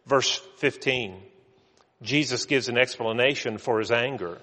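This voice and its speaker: A man's voice: mid-range voice, a little slow, pushed and bright. Male pastor, sermon, earnest delivery, stammered restarts, reverberant hall.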